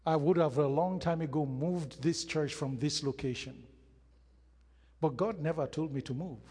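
A male pastor delivering a sermon in a fairly high, husky voice, taking his time over each phrase. He stresses points by repeating them and acting out the quotes he reads. His voice rings with the long reverb of a church hall. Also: moderate pace, warm tone. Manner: emphatic preaching with repeated phrases and acted-out quotes.

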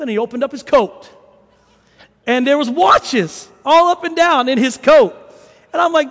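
A man preaching a conversational sermon, an animated storyteller who makes chatty asides to the congregation. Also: very high-pitched, moderate pace. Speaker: pastor. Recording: long hall reverb.

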